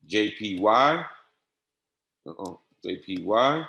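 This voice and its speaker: Man dictating software settings, echoey. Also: lowish voice, a little slow. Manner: dictating settings step by step, repetitive and patient. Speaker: trading software instructor. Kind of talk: screen-share software walkthrough. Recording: echoey room.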